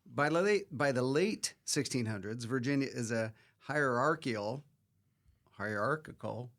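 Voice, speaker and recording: A man with a gravelly voice rambles through a history review, joking as he goes. His voice sits at a plain mid pitch. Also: expressive, normal speed, a bit bright. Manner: joking, meandering. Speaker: teacher and podcast co-host. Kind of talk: casual history review chat.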